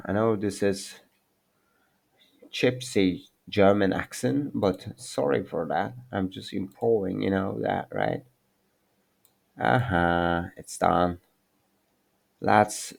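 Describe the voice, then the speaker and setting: Male tutor, low voice, unhurried and self-correcting, casual lesson. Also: gravelly, darkish tone. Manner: halting, self-correcting, apologetic non-native English. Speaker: language teacher. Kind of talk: informal screen-share language lesson.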